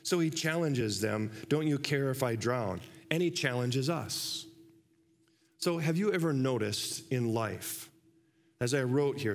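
A man's voice: medium pitch, vocal fry. A man preaching a sermon in a church, conversational and full of rhetorical questions. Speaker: pastor.

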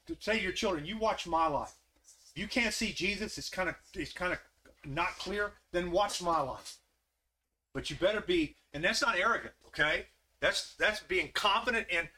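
A man's voice: on the high side, pushed and bright. A man preaching an interactive sermon, putting repeated questions straight to his listeners. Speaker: preacher leading a Bible study.

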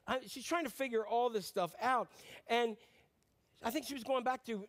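Middle-aged guy preaching, really high voice, jokey storyteller who does little voices for the people in it. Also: a little fast. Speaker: pastor. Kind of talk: sermon.

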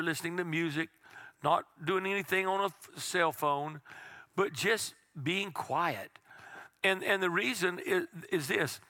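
A middle-aged man preaching a sermon as pastor, slowing right down for key phrases and dropping to a hush on the quiet lines. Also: high voice, no echo. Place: church sanctuary.

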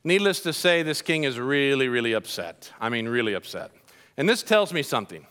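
A man preaching a sermon as a pastor, telling the story in an animated, joking way and talking directly to the congregation. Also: mid-range voice, brisk, smooth.

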